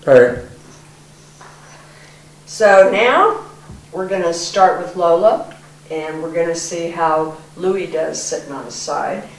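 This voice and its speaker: A woman teaching dog training, giving firm commands to dogs and then soft, drawn-out praise. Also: fairly low pitch. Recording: echoey room, distant mic, loud noise.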